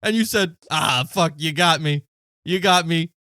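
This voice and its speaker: Animated man telling a story. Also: on the high side, measured pace, no room sound, studio quality. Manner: animated storyteller acting out quotes, swears freely. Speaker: podcast co-host. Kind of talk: casual storytelling chat.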